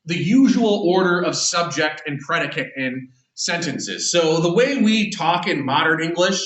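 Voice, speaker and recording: Bright-voiced man lecturing in an echoey room. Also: a little high, expressive, measured pace, distant mic. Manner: conversational, many fillers and restarts. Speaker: English teacher. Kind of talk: classroom lecture.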